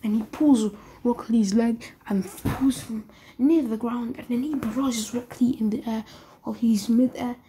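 A young woman casually retelling a fan-fiction story as a YouTuber, rambling in a soft, whispery way. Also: a little high, steady tone, measured pace, a little hiss or hum.

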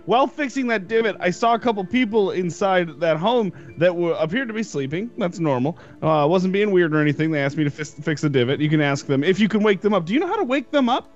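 High-voiced, lively male player. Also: quick pace, hardly any pauses, muffled recording, soft background music. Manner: goofy, in-character banter. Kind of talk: playing a character in a tabletop game.

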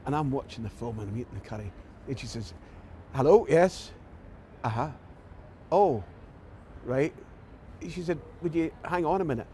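A slightly rough, medium-pitched voice belongs to a Scottish actor from Glasgow who speaks at normal speed. As an interview guest he tells animated anecdotes, performing the voices of the people he quotes.

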